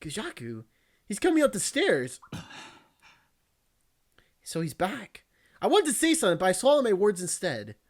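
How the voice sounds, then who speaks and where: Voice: medium pitch, huge pitch swings, normal speed, pauses often. A VTuber reading a visual novel aloud, breaking off for joking, crude, teasing asides and frequent laughs.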